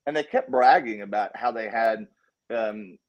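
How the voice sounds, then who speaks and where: A man's voice: fairly low pitch, a little slow, dull audio. Southern-accented man telling stories animatedly. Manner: animated storyteller, acts out quotes, frequent restarts. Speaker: documentary filmmaker guest. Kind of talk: casual conversation.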